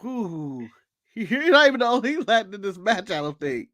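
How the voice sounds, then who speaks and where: A man's voice: high-pitched, moderate pace, dry recording. A man from the United States co-hosting a podcast, joking, mimicking people and laughing as he recaps wrestling. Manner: animated, joking, mimics people and laughs at his own bits. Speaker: podcast co-host. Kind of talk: casual wrestling recap chat.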